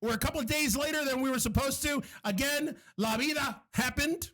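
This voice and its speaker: A young man co-hosting a podcast, chatting casually in an animated, joking way and swearing freely. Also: extremely high pitch, a little fast. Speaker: podcast co-host. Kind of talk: casual chat.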